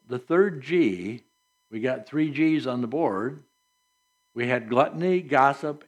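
A man preaching a sermon, earnest and emphatic, quoting scripture to his congregation. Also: a little high.

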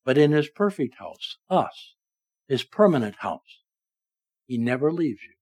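A man preaching a sermon in church, swinging between loud emphatic lines and soft, low ones. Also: big pitch swings, a little slow, slightly rough. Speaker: pastor. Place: church sanctuary.

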